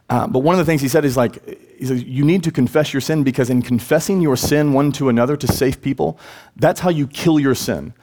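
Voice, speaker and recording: A man's voice: mid-range voice, a little mellow. A man preaching a church sermon. He speaks earnestly, pushes his voice up for emphasis, and acts out the words he quotes. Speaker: pastor. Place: church sanctuary.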